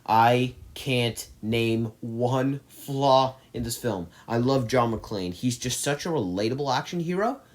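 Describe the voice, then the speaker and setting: A man's voice: mid-range voice, takes it slowly, hardly any pauses. A man hosting a movie channel, ranking his favorite films in a casual, enthusiastic and rambling way, with frequent restarts.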